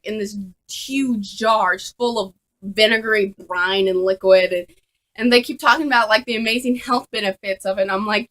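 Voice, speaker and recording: Bright, chatty young woman vlogging. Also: medium pitch. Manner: chatty and animated, full of fillers. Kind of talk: casual storytime. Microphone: camera on a tripod.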